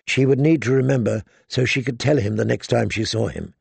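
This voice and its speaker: A man narrating a fantasy novel aloud at a measured, even pace. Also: medium pitch, gravelly, husky, dry recording. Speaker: audiobook narrator.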